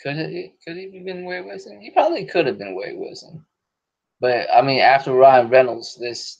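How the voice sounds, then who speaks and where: A man's voice: medium pitch, creaky. Slangy, profane man on a podcast. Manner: profane, slangy, laughs often. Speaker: podcast host. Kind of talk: casual podcast chat. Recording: dull lo-fi podcast audio.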